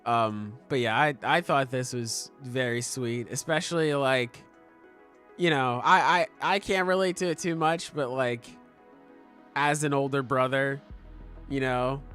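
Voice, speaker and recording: Young male podcast co-host, excitable and loose, mid-pitched, faint music underneath. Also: measured pace, clear, resonant tone. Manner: excitable, swears a lot, many fillers. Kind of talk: casual chat.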